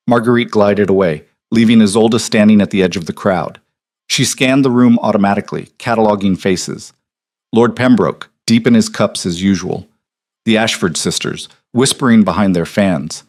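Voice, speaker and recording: Guy narrating a period romance story, low voice, steady pace, dead dry sound. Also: normal speed, dry recording. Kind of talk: scripted audiobook narration.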